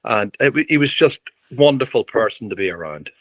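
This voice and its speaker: An older man, a podcast guest telling lively stories full of quoted dialogue. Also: mid-range voice, brisk, dry recording. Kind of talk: anecdotal storytelling.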